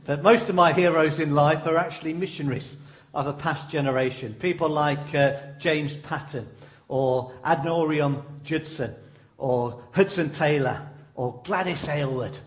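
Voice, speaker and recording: A man delivering a sermon with a high-pitched voice. He tells stories animatedly and leans into dramatic pauses. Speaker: preacher.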